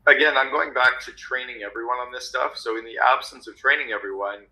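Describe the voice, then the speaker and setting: A man's voice: medium pitch, steady tone, quick pace, bright, forceful tone, rough recording. A man talking as a guest on a business podcast, confident and telling anecdotes with acted-out quotes. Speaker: guest author on meetings. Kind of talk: podcast conversation.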